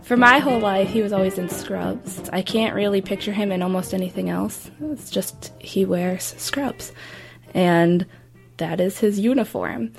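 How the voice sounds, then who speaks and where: A young woman, interviewed as a grandchild, recalls memories of her grandfather in a casual, chatty way with many fillers. Her mid-range voice is a little slow and creaky, with soft music in the background.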